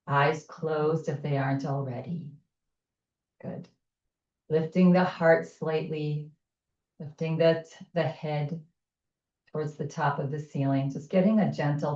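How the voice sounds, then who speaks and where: A woman teaching chair yoga, giving gentle, soothing cues and guiding breathing. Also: low-pitched, reverberant, far from the mic, highs cut off. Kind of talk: guided chair yoga instruction.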